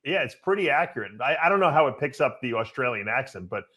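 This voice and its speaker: A man's voice: medium pitch, sing-song, quick pace, over a noisy crowd. A man hosting a casual podcast chat, rambling and repeating words as he restarts his sentences. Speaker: podcast host.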